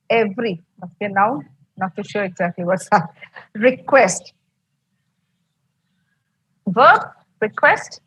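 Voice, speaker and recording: A woman's voice: a little high, a bit bright, husky, rough recording. A woman with an Indian English accent teaching an online English class, explaining patiently and repeating herself, heard over a video call.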